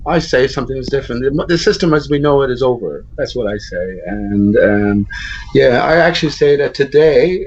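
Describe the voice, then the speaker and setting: A man calmly pressing his friend with repeated questions in a casual argument. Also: medium pitch, creaky, slightly rough, lo-fi sound. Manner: calm, probing, asks repeated questions.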